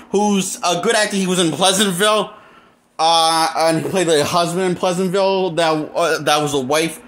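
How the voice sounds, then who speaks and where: A man's voice: sits high, fairly bright tone, slight background noise. A man reviewing a movie in a casual, rambling rant, full of restarts and blunt, exasperated complaints. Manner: rambling, with frequent restarts and fillers. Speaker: movie critic.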